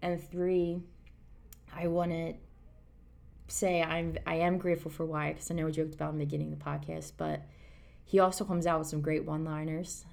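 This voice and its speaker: A woman's voice: sits low, flat delivery, fairly quick, vocal fry, darkish tone. A woman in her thirties co-hosting a casual podcast, rambling and earnest as she reassures listeners. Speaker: podcast co-host. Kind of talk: casual chat.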